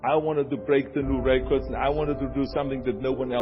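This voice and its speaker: A man's voice: mid-range voice, fairly even intonation, fast talker, few pauses. Emphatic older man, Austrian accent. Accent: Austrian German. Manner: emphatic, repeats lines for effect. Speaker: motivational speaker. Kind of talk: motivational speech. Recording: dull lo-fi speech over music. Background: music bed.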